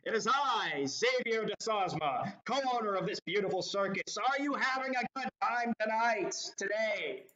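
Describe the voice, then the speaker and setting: A man's voice: high voice, expressive, unhurried, few pauses, pushed and bright, voice pushed up, exaggerated voice. Man doing a pompous circus ringmaster. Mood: grandiose. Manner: pompous showman flourish. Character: tall prim svelte male circus ringmaster. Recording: echoey, dull lo-fi.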